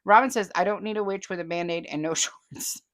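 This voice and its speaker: A woman's voice: mid-range voice, brisk. A chatty woman, hosting a casual vlog and reading viewer comments aloud with frequent laughter. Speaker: host.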